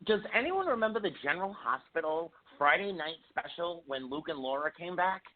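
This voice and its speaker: Animated man on a tinny phone line. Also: on the high side, fairly quick. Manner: animated, emphatic, playful. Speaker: podcast co-host. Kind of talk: casual chat.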